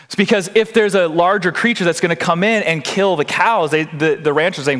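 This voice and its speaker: A male pastor delivers a sermon in an earnest way. His voice sits somewhat high for a man. He keeps turning to the congregation with direct questions. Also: fairly quick, fairly bright tone.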